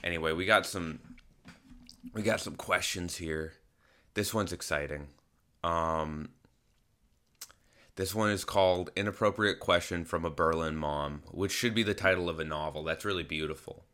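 A man with a low, bright voice hosts a podcast and talks straight into a phone camera. He rambles candidly through a story and keeps stopping to correct himself. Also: normal speed, long pauses. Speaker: podcast host. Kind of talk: casual storytelling monologue.

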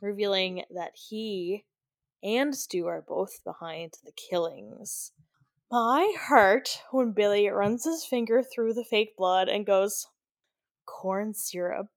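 A woman's voice: mid-range voice, slow, no room sound, clean studio sound. A young woman co-hosting a podcast, giving a casual, chatty recap of a film and giggling often as she talks. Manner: chatty, giggly, many "like" fillers. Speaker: podcast co-host. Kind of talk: casual movie recap chat.

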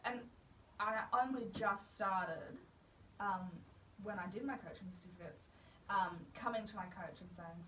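A woman's voice: mid-range voice, unhurried, bright, forceful tone. A woman riding coach chatting casually on a podcast, full of "like" fillers. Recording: roomy, distant mic, faint background noise.

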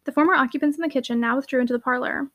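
A woman reading a classic novel aloud as an audiobook narrator, with steady, expressive storytelling. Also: high voice, racing, no echo, rough recording.

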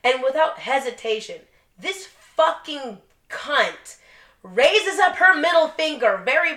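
A young woman co-hosts a podcast in casual, swear-filled chat. Her voice is bright and forceful. The room gives it a roomy echo. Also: on the high side. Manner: profane, blunt storytelling with laughs. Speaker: podcast co-host.

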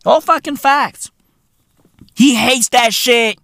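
A man with a South African accent hosting a podcast, ranting in a profane, animated comic monologue full of slang. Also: very high-pitched, unhurried, no echo, studio quality. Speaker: podcast host.

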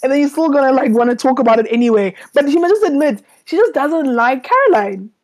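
A woman's voice: high-pitched, lively intonation, fast talker, a little mellow. Slangy, emphatic woman podcast host. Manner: slangy, emphatic, repeats phrases for effect. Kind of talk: casual reality TV recap chat.

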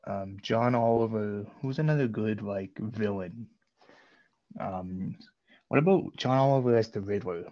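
A man's voice: lowish voice, a little slow, dull audio. A man co-hosting a casual comedy chat, laughing often and setting up bits for the others. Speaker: podcast co-host.

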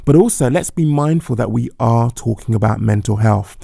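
A man with a warm, gravelly voice speaks calmly and carefully. He hedges his views and stops to correct himself, recorded dry and close. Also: mid-range voice, normal speed, no room sound. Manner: thoughtful, hedging, corrects himself. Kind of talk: measured opinion commentary.

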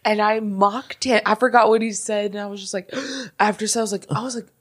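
A woman's voice: medium pitch, fairly even intonation, brisk. A young woman co-hosting a podcast, chatting casually in a rambling, giggly way and swearing freely. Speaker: podcast co-host. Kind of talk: casual chat.

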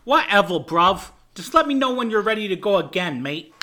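A man voicing a cocky male nu metal singer with a Cockney accent, loud and swaggering. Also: high-pitched, sing-song, moderate pace, exaggerated voice. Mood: dismissive. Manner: loud, swaggering, belted singing.

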